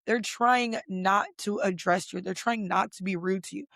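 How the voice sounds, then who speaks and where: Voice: medium pitch, moderate pace, vocal fry, fairly bright tone, dry recording, clean studio sound. A podcast host doing a casual pop culture recap, ranting bluntly and profanely, with lots of "like" fillers. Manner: filler-heavy with many "like"s.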